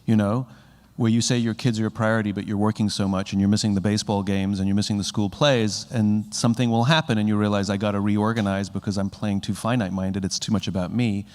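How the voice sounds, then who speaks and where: A man's voice: fairly low pitch, steady tone, fast, darkish tone. A man giving a conversational keynote talk on leadership to a live audience, acting out little bits of dialogue as he goes. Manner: conversational, acts out quoted dialogue with rising animation. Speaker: speaker on leadership. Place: large hall with a live audience. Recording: reverberant hall.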